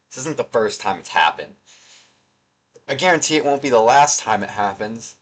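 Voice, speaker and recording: A man's voice: mid-range voice, expressive, normal speed. A young man doing casual, sarcastic gaming commentary, reading out chat messages in a rambling, mocking way. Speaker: gaming video creator.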